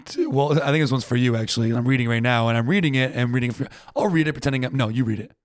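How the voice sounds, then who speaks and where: A man from Rhode Island, co-hosting a podcast in casual chat, animated as he acts out both sides of a dialogue. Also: mid-range voice, rapid-fire, no echo, studio quality. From Rhode Island, USA. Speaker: podcast co-host.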